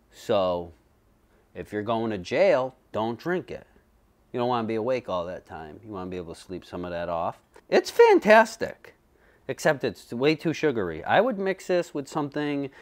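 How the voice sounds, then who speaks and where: A man hosting a homemade comedy show, rambling profanely through jokey stories and putting on quick voices. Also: medium pitch. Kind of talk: comedic monologue. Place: bedroom.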